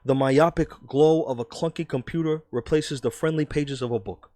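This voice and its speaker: A man puts on a scornful New York columnist who pushes his words out loud and high, sneering at every new idea. The delivery is emphatic and dismissive, with a clipped New York accent, recorded dry and close. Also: moderate pace, no room sound, close to an everyday voice. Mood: scoffing. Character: scoffing skeptical male New York magazine columnist. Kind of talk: dramatic reading in a put-on voice.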